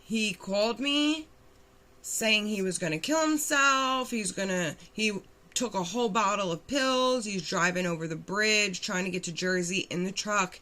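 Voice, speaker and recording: Young Philly woman, candid vlog storyteller, bright and punchy, blunt and animated. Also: medium pitch, a little slow. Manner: blunt, animated retelling with acted-out quotes and swearing. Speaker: vlogger telling her recovery story.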